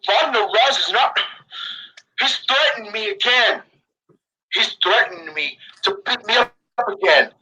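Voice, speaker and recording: A man voicing a frightened bullied schoolboy who cries out and pleads in a strained, high voice. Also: expressive, unhurried, bright, forceful tone, husky, heavily acted, poor audio. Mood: upset. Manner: shrill, pleading, crying out. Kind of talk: voicing game characters aloud.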